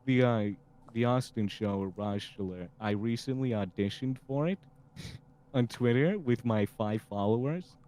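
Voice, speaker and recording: A man's voice: mid-range voice, a little slow, dark tone. A man hosting a casual podcast over a voice call, laughing often and joking with his friends. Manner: laughing, joking, improvising characters. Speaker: podcast host. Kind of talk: casual chat with improvised voices.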